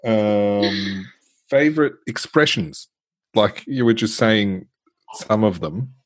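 A man co-hosting a casual podcast chat, relaxed and laughing at his own fumbled words. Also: on the low side, slow. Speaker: podcast co-host.

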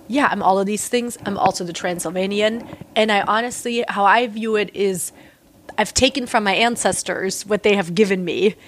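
A woman in her forties from Germany talks frankly and with emphasis as an interview guest. Her voice sits at an ordinary middle pitch, and she often fills pauses with small hesitations. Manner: candid and emphatic, many fillers. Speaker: interviewee, artist. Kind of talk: casual conversational interview.

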